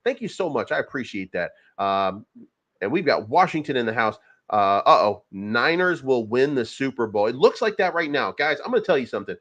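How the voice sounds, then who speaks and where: Man, crypto livestream host, casual commentary, rambling, fillers, profane, medium pitch, muffled lo-fi audio. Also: big pitch swings, a little fast, a bit bright.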